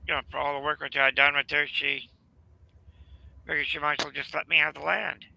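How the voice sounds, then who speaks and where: A man with a Southern US accent telling a rambling family story in casual chat, halting with fillers. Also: a little high, level tone, gravelly, sharp tone, no echo, low-quality recording. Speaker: channel host.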